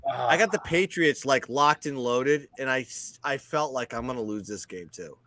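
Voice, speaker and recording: A man's voice: mid-range voice, lively intonation, normal speed, pushed and bright, dry recording. A young man co-hosting a live sports betting stream, chatting casually, rambling and swearing. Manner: rambling, restarts a lot, swears. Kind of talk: casual banter.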